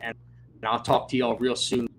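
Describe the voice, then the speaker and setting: A man, a guest singer, signing off casually with slow, flat thanks. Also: medium pitch, a little hiss or hum, rough recording. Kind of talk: casual sign-off.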